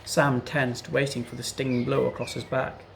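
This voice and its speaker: Male reader, children's book, gravelly, faint hiss underneath. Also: mid-range voice, level tone, moderate pace, poor audio. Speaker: storyteller. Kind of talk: children's book read-aloud.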